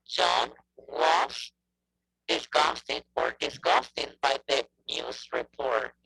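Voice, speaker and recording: Guy teaching english on a video call, super gravelly, kinda husky, keeps saying okay?. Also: medium pitch, extremely slow, bright, forceful tone, no room sound, rough recording. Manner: checks in with frequent "okay?". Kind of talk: online class lesson.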